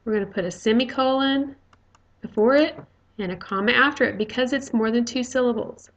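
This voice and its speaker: A woman's voice: a little high, a little fast, highs cut off. A woman teaching a recorded grammar lecture, explaining step by step with frequent fillers.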